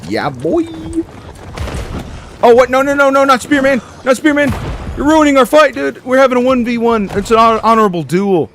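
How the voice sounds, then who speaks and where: A man giving casual, excitable commentary while playing a game, joking and talking to himself and the game. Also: very high voice, fast talker, slight background noise. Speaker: gameplay streamer.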